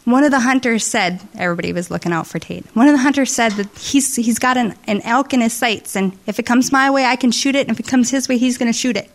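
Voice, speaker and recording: A woman's voice: fairly high pitch, fast talker, few pauses. A middle-aged woman telling an earnest, emotional testimony story to a congregation at a church service. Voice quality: earnest, emotional, with restarts and soft asides.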